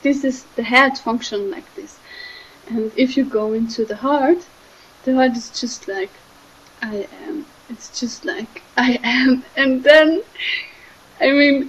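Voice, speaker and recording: A young woman, giving a gentle, halting spiritual talk that often trails off softly. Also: on the high side, fairly even intonation, highs cut off. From Switzerland. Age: 20s. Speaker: spiritual speaker.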